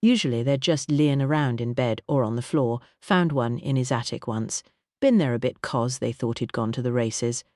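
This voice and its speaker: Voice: medium pitch, moderate pace, darkish tone, dry recording, clean studio sound, lightly acted. A narrator voicing a blunt working-class ambulance man. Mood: matter-of-fact. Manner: blunt, dialect speech.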